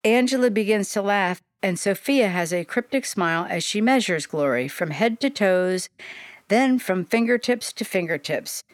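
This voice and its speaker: A woman reading a storybook aloud as its narrator, with a gentle, descriptive manner. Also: medium pitch, animated, moderate pace, no echo, studio quality.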